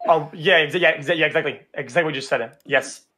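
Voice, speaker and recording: A man hosting a livestream debate, talking in a casual, excitable way. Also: fairly high pitch, fast, a little hiss or hum. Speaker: streamer and debate host. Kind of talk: livestream chat.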